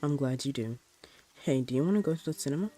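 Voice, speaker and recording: A man's voice: medium pitch, animated, fast talker, natural voice. A man reading as a grieving, bitter mother. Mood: gentle. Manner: sharp with the neighbor, soft with her child. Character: grieving, bitter mother, tender with her son.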